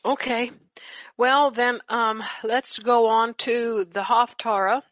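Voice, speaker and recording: A woman leading a group Bible study over a call, talking haltingly with many restarts. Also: on the high side, steady tone, a bit bright, no echo, lo-fi sound.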